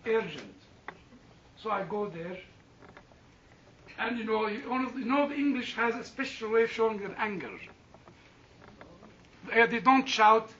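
Speaking to a listening audience, a man with a high, somewhat bright voice recounts an anecdote, frequently laughing and starting sentences over. Picked up from afar in a roomy space, the sound is distant and dull, with a little hiss or hum.

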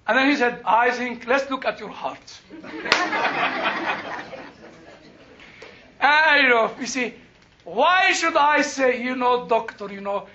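A man's voice: very high voice, takes it slowly, pauses often, lo-fi sound. An older man teaching a Bible class, telling a story with laughter and emphatic outbursts. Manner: animated, laughing, rising to emphatic bursts.

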